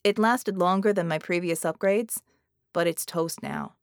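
A woman voicing a formerly deaf armored male hero who speaks in an odd flat, deadpan way, in an audiobook. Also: fairly low pitch, unhurried, dry recording, studio quality, close to an everyday voice. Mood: dry. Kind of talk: audiobook character voice.

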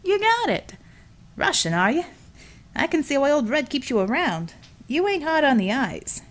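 A woman's voice: high voice, sing-song, moderate pace, pitched above the performer's own voice. A woman voicing a brash, chauvinist middle-aged male builder who talks with folksy swagger in an audiobook. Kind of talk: audiobook character voice.

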